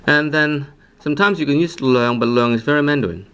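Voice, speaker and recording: A man's voice: a little high, brisk, a bit bright, smooth. A man with a Cantonese accent teaching a vocabulary lesson. He repeats each word many times and often checks in with the learner. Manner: patient, repeats words many times, frequent "right?" check-ins. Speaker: language teacher. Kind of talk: vocabulary lesson with slow repetition drills.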